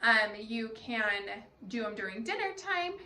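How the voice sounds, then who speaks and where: A woman's voice: a little high, sing-song, measured pace, sharp tone. A woman teacher leading a cheerful, sing-song phonics lesson for young children, demonstrating letter sounds.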